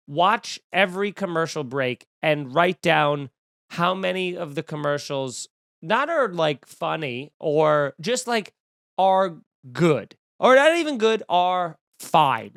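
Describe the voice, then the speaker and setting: Brief: young male comic host, snarky riffing rant, high clear voice, close dry sound. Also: a bit bright, no echo. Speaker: comedian podcast host. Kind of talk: casual comedic rant.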